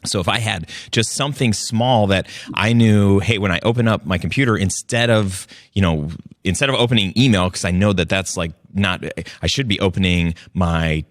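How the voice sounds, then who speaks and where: A man's voice: low-pitched, normal speed, few pauses, no echo. A man hosting an interview, talking casually with many restarts and a jokey manner. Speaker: podcast host.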